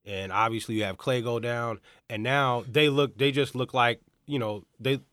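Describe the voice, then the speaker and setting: A man's voice: medium pitch, steady tone, normal speed, fairly bright tone, clear, resonant tone, dry recording, clean studio sound. A man co-hosting a sports talk show, talking loosely in casual debate, rambling and restarting his sentences.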